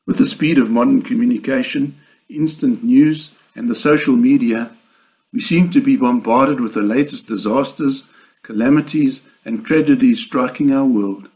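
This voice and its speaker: A man delivering a sermon in a measured, earnest way, with slow emphatic pauses. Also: mid-range voice, dark tone, rough recording. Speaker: preacher.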